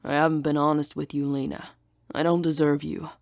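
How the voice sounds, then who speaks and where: A brooding young half-demon man, miserable and defensive with the one he loves, as a woman voices him. The voice is low and dry, close to the mic. Audiobook romance dialogue. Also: little pitch movement, fairly quick, gravelly, a little mellow, no room sound.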